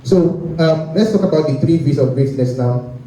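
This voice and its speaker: A man's voice: fairly high pitch, normal speed, dark tone. A young man gives a motivational talk to an audience, often checking in with them. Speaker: guest speaker. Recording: echoey room, speaker far from the mic.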